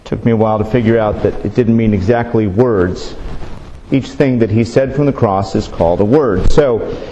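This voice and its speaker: A man giving a sermon as a pastor in a church, in a measured, unhurried way that slows on key phrases. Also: lowish voice, dark tone, lo-fi sound, slight background noise. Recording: long reverb of a large hall.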